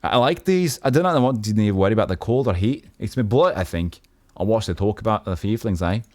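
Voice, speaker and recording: Dude doing a brash snappy tiefling girl, fiery, higher voice. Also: lively intonation, fast, close to an everyday voice. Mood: defiant. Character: feisty, snarling young tiefling woman.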